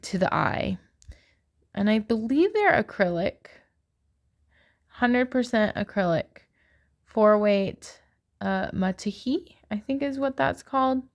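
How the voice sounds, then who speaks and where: A woman's voice: medium pitch, creaky. A middle-aged woman narrating her own shopping video in a casual voice-over, gushing and admiring. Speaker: yarn shopping vlogger.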